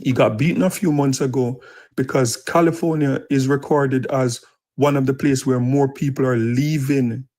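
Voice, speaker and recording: A man's voice: medium pitch, a little mellow, poor audio. Jamaican man on a news panel, earnest, mid voice. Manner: earnest, explains and restates his point. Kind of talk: live podcast panel discussion.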